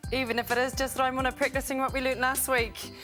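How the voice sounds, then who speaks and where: Female co-host of a language show with a high, bantering voice, music playing behind her. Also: little pitch movement, quick pace. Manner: teasing, bantering. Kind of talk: language lesson presenting.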